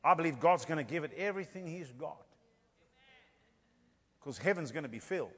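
A man's voice: a little high, expressive, a little fast, fairly bright tone, breathy edge. A man with an African accent preaching a sermon, telling stories and building to fervent emphasis. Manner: storytelling, rising to fervent emphasis. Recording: long hall reverb.

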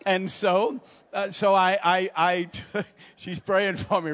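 Folksy older preacher in a hall. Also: male voice, fairly high pitch, moderate pace, fairly bright tone. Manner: folksy storytelling, rising to emphatic preaching. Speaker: pastor. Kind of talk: sermon. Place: church sanctuary. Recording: long hall reverb.

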